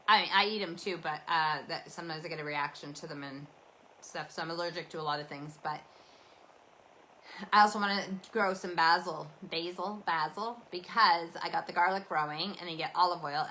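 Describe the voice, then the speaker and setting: A woman's voice: sits low, pushed and bright, slight background noise, low-quality recording. A Canadian woman hosting a casual rambling chat, talking in a meandering, chatty, self-deprecating way. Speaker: host.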